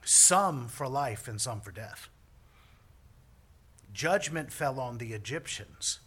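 A man's voice: medium pitch, lively intonation, takes it slowly, fairly bright tone, breathy edge. A man preaching a sermon as a priest, joking with the congregation between points. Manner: joking, self-deprecating asides to the congregation.

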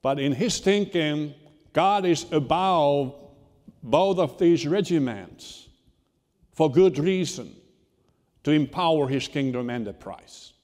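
Pastor preaching in a reverberant church. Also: male voice, a little high, animated, darkish tone. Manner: unhurried, halting delivery with repeated restarts. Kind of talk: sermon. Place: church sanctuary.

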